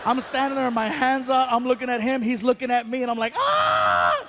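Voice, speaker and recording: A man doing stand-up, telling a story with animated delivery, acting out voices and shouting the punchlines. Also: extremely high pitch, fast, noisy background. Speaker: stand-up comedian.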